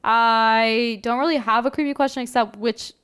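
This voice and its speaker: A woman's voice: a little high, fairly even intonation, moderate pace, a bit bright, clear, resonant tone. A woman co-hosting a podcast in a casual, chatty, joking way. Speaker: podcast co-host. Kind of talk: casual chat.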